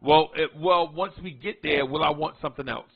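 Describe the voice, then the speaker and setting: A man's voice: fairly high pitch, normal speed, husky, phone-quality sound. A man from the New area, chatting casually about his basketball team, repeating himself and stretching out key words for emphasis. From New York tri-state area. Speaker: sports fan vlogger. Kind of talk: casual sports commentary.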